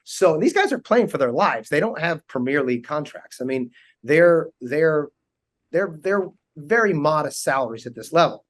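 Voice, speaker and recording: A man in his forties, a guest on a talk show, telling animated funny stories and laughing often. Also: on the high side, moderate pace. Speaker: guest, actor and team owner. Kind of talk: casual interview storytelling.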